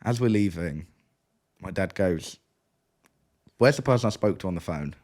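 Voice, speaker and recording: A low-pitched young British man at a moderate pace co-hosts a casual podcast, chuckling as he spins out a long story and animatedly impersonating the people involved.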